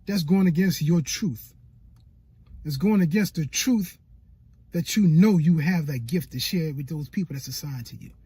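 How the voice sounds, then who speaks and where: A man's voice: high-pitched, darkish tone, breathy edge. A man coaching new YouTubers in an emphatic, preacher-like motivational talk, repeating his points and acting out people's inner doubts.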